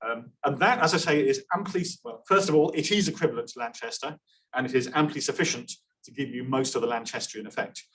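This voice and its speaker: A man presents an academic lecture at a conference. His voice sits at an ordinary middle pitch. He drops wry asides and often restarts his sentences with "um". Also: fast talker, a bit bright, low-quality recording.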